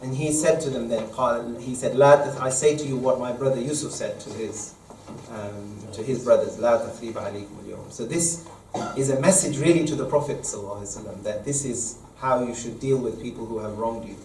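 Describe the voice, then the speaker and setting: Fast-talking male imam teaching Quran verses. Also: medium pitch, darkish tone, a little hiss or hum. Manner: explains verses at length, reciting Arabic quickly. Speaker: imam teaching a study circle. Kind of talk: Quran study lesson. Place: mosque hall. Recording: echoey room, mic far off.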